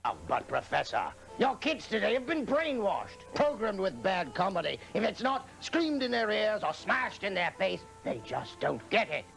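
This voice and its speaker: A gravelly, fussy posh gentleman. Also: sits high, very animated, moderate pace, hardly any pauses, faint music behind, heavily acted, poor audio. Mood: aghast. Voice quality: plummy posh accent. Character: fussy posh older male colleague, skeptical. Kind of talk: parody sketch acting.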